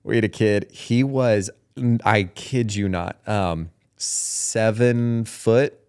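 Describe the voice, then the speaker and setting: A man's voice: lowish voice, takes it slowly, a little mellow, clear, resonant tone. A young man hosting a podcast. He tells school stories in a casual, slangy way, laughing often. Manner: laughs often, loose slangy talk full of "like" and "dude". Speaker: podcast host. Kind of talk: casual storytelling chat.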